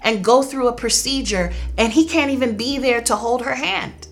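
A woman's voice: a little high, normal speed. A young adult woman, a grieving mother, giving earnest, intense personal testimony in an interview, acting out what others said. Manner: earnest, intense, reenacts dialogue.

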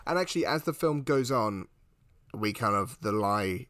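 A man's voice: on the low side, lively intonation, moderate pace, fairly bright tone, no echo. A man in casual film chat, playfully interjecting and acting out quotes. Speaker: podcast co-host.

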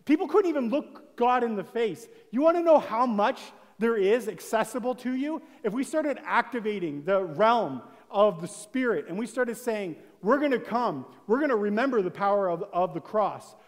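A man with a high voice preaches with fervor, swinging from quiet, intimate lines to loud, excited ones. He keeps asking his listeners questions in a casual, street-level way. His voice rings out with a long reverb, as if in a large hall. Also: moderate pace, hardly any pauses. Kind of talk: sermon.

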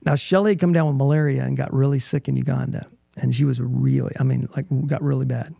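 Gravelly, husky man telling his story. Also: medium pitch, fairly even intonation, dark tone, no room sound, clean studio sound. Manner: earnest, halting storytelling with restarts. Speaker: interview guest. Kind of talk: emotional personal testimony.

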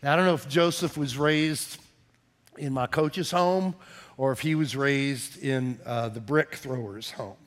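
A middle-aged man, a pastor preaching a sermon in a folksy, animated storytelling manner. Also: mid-range voice, a little slow.

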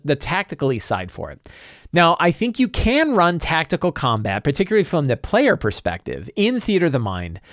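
A middle-aged man hosting a casual solo talk show, animated, acting out quick bits of dialogue as he explains. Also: medium pitch, no room sound, clean studio sound. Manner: animated, acts out player and game master lines in quick asides. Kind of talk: solo casual talk about tabletop games.

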